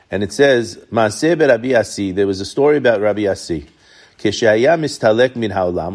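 A middle-aged Brooklyn man with a medium, slightly mellow voice gives a Torah talk to his congregation. He reads passages in Hebrew and Aramaic and explains them conversationally, retelling midrash first in Hebrew and then in English.

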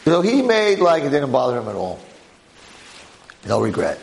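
A man teaching a lively Torah class to a live audience as a rabbi, telling the story with energy and firing off rhetorical questions. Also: medium pitch, normal speed, gravelly, poor audio.

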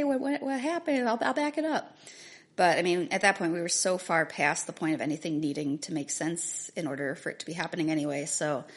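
A woman in her thirties telling her own story earnestly and reading aloud from a book she wrote. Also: fairly low pitch. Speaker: author sharing her story. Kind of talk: personal testimony with a book reading.

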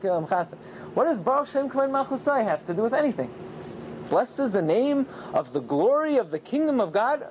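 A man giving an animated Torah class, telling the story with lots of rhetorical questions. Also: very high voice, a little hiss or hum. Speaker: rabbi teaching Torah.

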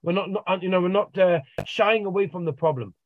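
A man's voice: high-pitched, fairly quick, dry recording. A man working as a life coach, telling motivational stories and acting out the dialogue in them, recorded over a video call. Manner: tells stories and acts out the dialogue. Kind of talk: motivational storytelling. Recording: dull, dry video-call audio.

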